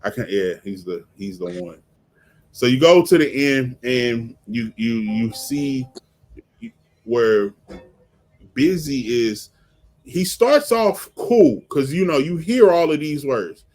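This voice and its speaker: Animated man breaking down rap verses. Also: mid-range voice, slow pace. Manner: animated, repeats words when excited, acts out lyrics. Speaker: podcast host. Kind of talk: casual chat, music commentary.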